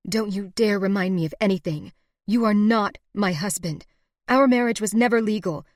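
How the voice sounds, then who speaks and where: A woman voicing a defiant young frontier wife who speaks heatedly and forcefully. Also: mid-range voice, moderate pace, no echo, clean studio sound, pitched above the performer's own voice, close to an everyday voice.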